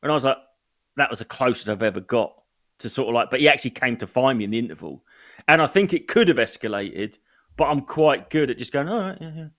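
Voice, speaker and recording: A man's voice: mid-range voice, animated, fast talker, fairly bright tone. A male comedian chatting casually, blunt and sweary, telling anecdotes from his gigs. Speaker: stand-up comedian. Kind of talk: casual chat.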